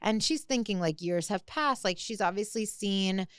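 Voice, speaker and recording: A woman's voice: mid-range voice, normal speed, smooth, no room sound, studio quality. A young woman co-hosting a podcast, recapping a show in casual chat and leaning hard on "like". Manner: animated recapping, heavy use of "like". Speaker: podcast co-host.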